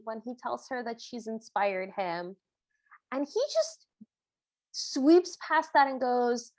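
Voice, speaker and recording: This podcast co-host recaps a movie in a bright, high voice. She tells the story expressively and doesn't hold back her strong opinions in the casual chat. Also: big pitch swings, takes it slowly, no room sound.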